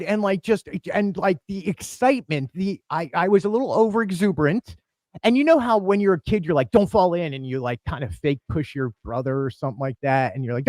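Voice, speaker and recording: A man hosting a casual fan podcast, telling animated stories and acting out quoted lines with big swings of pitch. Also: a little fast, no echo. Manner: excitable, acts out quotes with big jumps in pitch. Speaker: podcast host. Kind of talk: animated storytelling chat.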